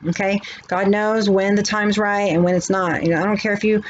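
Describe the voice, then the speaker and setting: A woman's voice: medium pitch, level tone, fairly quick. Woman spiritual reader, preachy and chatty, dull lo-fi mic with faint hiss. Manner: preachy pep talk, repeating "okay". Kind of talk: casual chat.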